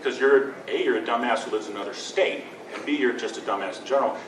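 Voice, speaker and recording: A man's voice: mid-range voice, steady tone, fast. A man, a lawyer, telling stories to a convention audience with laughs and mimicked quotes. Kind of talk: animated storytelling to an audience. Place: convention panel room. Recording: echoey room from far off with noise.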